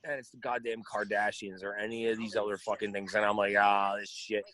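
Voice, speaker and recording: A man co-hosting a casual podcast chat, blunt and profane, often bursting into loud laughter. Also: on the low side, level tone, quick pace, no room sound. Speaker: podcast co-host.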